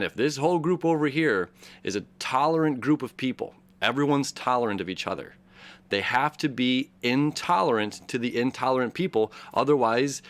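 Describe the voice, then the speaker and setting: A man hosting a daily astrology show, talking through the chart in a rambling, casual way, full of fillers and restarts. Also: medium pitch. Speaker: astrology host. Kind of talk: casual explanatory monologue.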